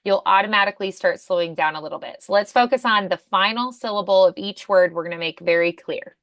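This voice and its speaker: A woman's voice: medium pitch, fast talker, fairly bright tone, no echo. Upbeat woman voice acting coach. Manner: upbeat, encouraging, many fillers. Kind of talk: casual coaching.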